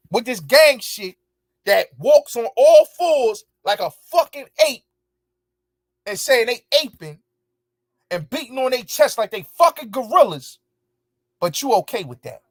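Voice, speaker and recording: At a measured pace with frequent pauses, a man with an extremely high, very animated voice hosts his show and rants angrily back at viewers, cursing heavily and driving his points home through repetition. There's no echo, just clean studio sound.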